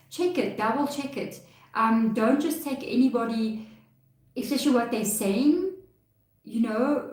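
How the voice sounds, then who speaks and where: A woman's voice: medium pitch, a little mellow. A woman with a South African accent giving a chatty, reassuring live tarot reading, laughing often. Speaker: tarot reader. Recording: echoey room, mic far off.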